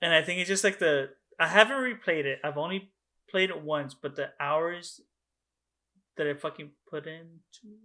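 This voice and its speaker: Young male co-host, bright and excitable, swears freely, casual video-call podcast. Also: fairly high pitch, moderate pace. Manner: excitable, swears a lot, animated storytelling. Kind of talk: casual chat.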